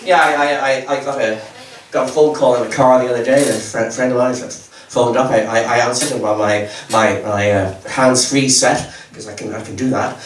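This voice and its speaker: This man in his 70s has a medium-pitched voice, a steady tone, a normal speed and few pauses, with a little hiss or hum on the recording. Performing stand-up on a comedy club stage, he rambles, stammers and mocks himself. The roomy, distant live audio picks up audience laughter.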